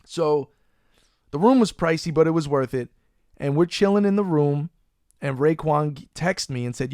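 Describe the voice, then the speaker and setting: Animated, foul-mouthed podcast host, higher-pitched man. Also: moderate pace, dry recording, clean studio sound. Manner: animated, profane, loose storyteller. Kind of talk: casual storytelling chat. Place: Florida.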